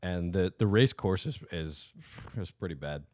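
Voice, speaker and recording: A man's voice: deep voice, a little slow, no room sound, clean studio sound. A man co-hosting a casual podcast, laid-back and joking, often trailing off and restarting mid-sentence. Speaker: podcast co-host. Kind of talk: casual chat.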